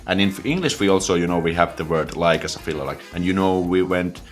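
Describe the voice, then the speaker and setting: A man's voice: low-pitched, fairly even intonation, fast talker, soft background music. A man in his twenties with a Finnish accent, casually explaining words to camera with lots of fillers and restarts. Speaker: language teacher.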